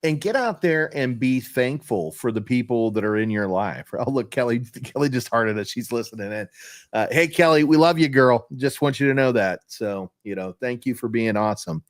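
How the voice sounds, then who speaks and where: A man's voice: medium pitch, expressive, moderate pace, no echo. Man, co-host, upbeat rambling chat, dry close sound. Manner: upbeat, rambling, peppers talk with "right?" and "you know". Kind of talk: casual podcast chat.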